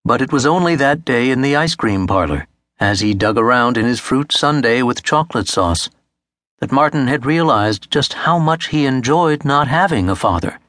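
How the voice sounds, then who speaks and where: A man reading a literary novel aloud as an audiobook narrator, in a measured, steady manner on a close studio mic. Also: mid-range voice, no echo.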